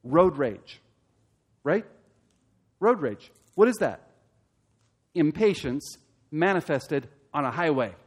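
A man preaching a sermon as pastor, asking the congregation direct questions and building to loud, emphatic peaks. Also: a little high, big pitch swings, slow, pauses often, slightly rough.

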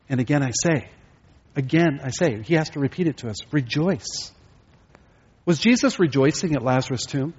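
A man's voice: mid-range voice, expressive, normal speed, darkish tone, husky, dull audio. A male pastor preaching a sermon, asking his listeners rhetorical questions.

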